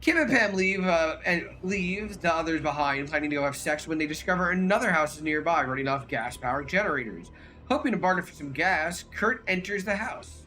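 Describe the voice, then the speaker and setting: Podcast guy being sarcastic and swearing, bright voice, little bit of music in the background. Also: fairly high pitch, animated, fairly quick. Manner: blunt, sarcastic, profane. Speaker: podcast co-host. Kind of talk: casual podcast chat.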